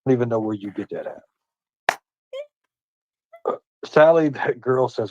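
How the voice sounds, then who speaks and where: A man's voice: fairly low pitch, lively intonation, normal speed, pauses often, muffled recording, a little hiss or hum. A man delivering a repetitive, profane, lecturing rant in a clip played on a livestream.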